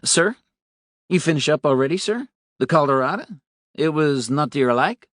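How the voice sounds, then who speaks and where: A man voicing a polite restaurant waiter who speaks halting, broken English in a raised voice. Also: fairly high pitch, lively intonation, fairly bright tone, dry recording, studio quality, pitched above the performer's own voice. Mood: concerned.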